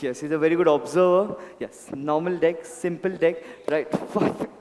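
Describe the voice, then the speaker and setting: With a somewhat high, slightly mellow voice at normal speed, a man delivers live magic patter through a handheld mic, the sound filling a big hall at a club event. He politely coaxes volunteers and calls them sir and ma'am.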